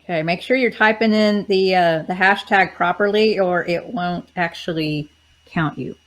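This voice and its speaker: Her voice sits on the low side and moves at a moderate pace as she hosts a livestream over a video call. She talks straight to her viewers in a cheerful, chatty way while her voice cracks and wears out.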